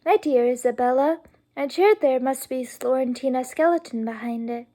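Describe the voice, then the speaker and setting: A woman's voice: sits high, moderate pace, mellow, lightly acted. A woman reading aloud, voicing a naive, earnest young girl who speaks sincerely and innocently.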